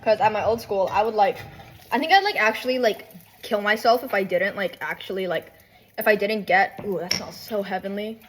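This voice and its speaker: A woman's voice: mid-range voice, fairly quick, slightly rough. A young woman ranting casually while cooking at home, rambling with lots of fillers, asides and swearing. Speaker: vlogger. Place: home kitchen.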